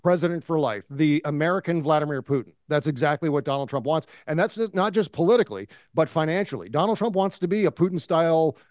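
A man's voice: fairly high pitch, animated, quick pace, hardly any pauses, a little mellow, no echo, clean studio sound. A man co-hosting a political podcast, talking in an impassioned, indignant way. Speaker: podcast co-host. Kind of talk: casual political chat.

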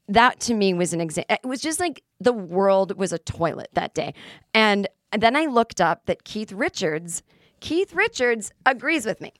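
A woman's voice: medium pitch, a bit bright, no echo, clean studio sound. A middle-aged woman hosting a solo podcast, ranting sarcastically and acting out imagined conversations. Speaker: podcast host. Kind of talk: casual solo podcast monologue.

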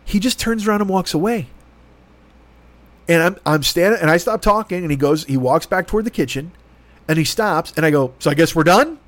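Man, high voice, profane angry storytelling, dry close sound. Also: lively intonation, fairly quick, dry recording. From Chicago. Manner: profane, exasperated, acts out both sides of the argument. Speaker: podcast host. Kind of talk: ranting storytelling.

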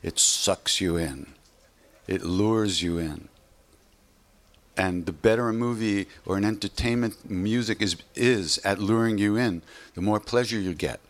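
A man's voice: on the low side, unhurried. A man teaching meditation in an informal, conversational way, rambling with frequent "you know"s and self-corrections. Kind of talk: informal spiritual talk.

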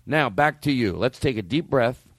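A man's voice: mid-range voice, expressive, normal speed, no echo. A man hosting a comedy podcast, telling rambling stories and laughing through them. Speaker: podcast host. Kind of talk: casual comedy podcast chat.

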